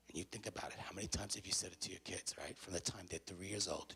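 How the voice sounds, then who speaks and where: A man giving an animated storytelling talk to parents at a university event, swinging between loud bursts and hushed moments. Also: lowish voice, a little fast, slightly rough. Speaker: speaker addressing parents. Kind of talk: storytelling motivational speech.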